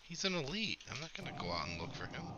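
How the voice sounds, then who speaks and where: A man's voice: medium pitch, big pitch swings, quick pace, noisy background. A man streaming a game, chatting casually and swearing freely as he explains his setup at length. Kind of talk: casual gameplay chat.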